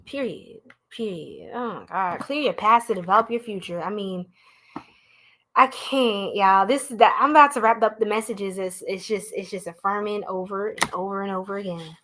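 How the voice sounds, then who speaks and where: A woman's voice: mid-range voice, moderate pace, fairly bright tone. A young woman, doing a live tarot reading in a playful, goofy, slangy way and laughing often. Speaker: tarot reader.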